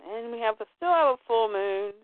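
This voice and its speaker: Woman host, high lively voice, playful retelling of a comic, tinny phone line, dry. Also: a little fast, dry recording.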